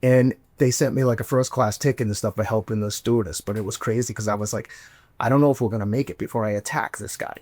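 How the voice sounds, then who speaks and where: A man hosting a podcast, telling a story in a casual, animated way, swearing and acting out the voices he quotes. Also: lowish voice, fast, dry recording. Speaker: podcast host.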